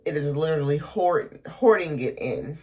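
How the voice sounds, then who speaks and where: A woman in her thirties talking haltingly to camera at home in a confessional vlog, close to tears, full of ums and pauses. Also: deep voice, expressive, darkish tone. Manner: hesitant, halting, many ums, emotional. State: on the verge of tears. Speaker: vlogger.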